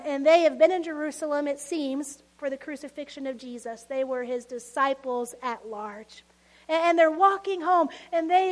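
Woman preaching a sermon, high voice, animated, laughs a lot while telling the story. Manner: lively storytelling, laughs often, acts out quoted voices.

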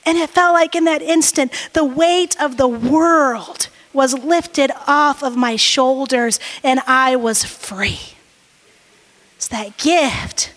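A woman pastor in her forties, praying and preaching a sermon with earnest, lively storytelling. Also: high voice, takes it slowly. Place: church sanctuary. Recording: reverberant church hall.

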